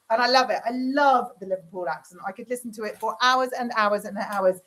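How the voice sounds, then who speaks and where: A woman's voice: fairly high pitch, fast talker, few pauses, fairly bright tone. Chatty middle-aged woman. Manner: chatty, frank, reads comments aloud. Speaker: livestream host. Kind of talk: casual chat, answering viewer comments. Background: cooking dinner while talking.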